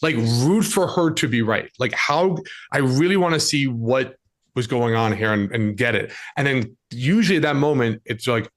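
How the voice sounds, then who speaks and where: A man speaking as a podcast guest, coaching listeners in a direct, plain-spoken way. His voice sits at a middle pitch. He mixes blunt tips with quick examples. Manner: direct, coaching, acts out scenes with quoted voices. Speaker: dating and lifestyle coach, guest. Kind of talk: casual podcast conversation.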